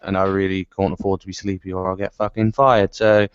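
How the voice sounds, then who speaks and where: A man's voice: sits low, flat delivery, brisk, smooth, dry recording. A man in a casual online group chat, offhand and swearing often. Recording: dry, dull lo-fi call audio.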